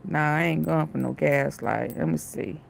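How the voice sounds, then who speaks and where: A woman's voice: low voice, normal speed, vocal fry, slight background noise. A woman giving casual livestream commentary in a sassy, scolding way, laughing often. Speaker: commentary vlogger.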